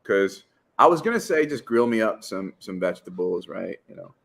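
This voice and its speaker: A man with a low voice talking loosely on a podcast. He circles his point with fillers and keeps checking in with "right?". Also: big pitch swings, normal speed, creaky, a bit bright. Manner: rambling, full of fillers and "right?" tags. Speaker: podcast co-host. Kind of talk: casual chat.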